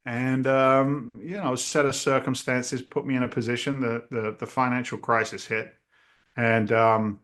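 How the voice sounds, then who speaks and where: A middle-aged man, telling his story as a guest in a podcast interview, acting out the people in it. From New England, US. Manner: animated storyteller who acts out the people in his story, pitch jumping up in quotes. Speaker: guest, real estate investor.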